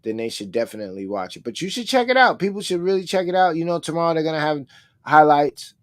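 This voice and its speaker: A man's voice: fairly high pitch, expressive, fast, dry recording. A man co-hosting a live-streamed talk show, chatting in a laid-back way full of casual slang. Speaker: co-host.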